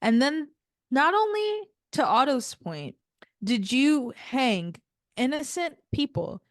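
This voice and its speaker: A woman's voice: sits high, very animated, slow pace, dry recording. Blunt young woman, dry close voice. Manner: blunt, exasperated, heavy "like" fillers. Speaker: podcast co-host. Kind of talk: casual chat recapping a TV show.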